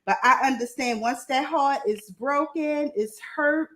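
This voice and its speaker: A woman with a Southern country accent, talking candidly on a panel about love and marriage, animated and quick to laugh. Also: high-pitched, slight background noise. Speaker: panel guest.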